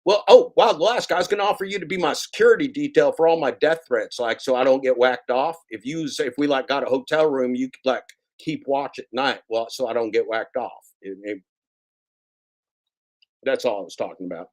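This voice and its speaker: A man's voice: mid-range voice, brisk. A man hosting a casual livestream, rambling and repeating himself as he teases viewers and reads the chat. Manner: rambling, repetitive, teasing. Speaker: livestream host.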